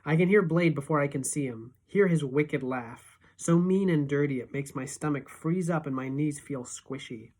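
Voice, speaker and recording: A teacher reading a novel aloud in steady, expressive first-person narration. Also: female voice, low-pitched, moderate pace, few pauses, breathy edge.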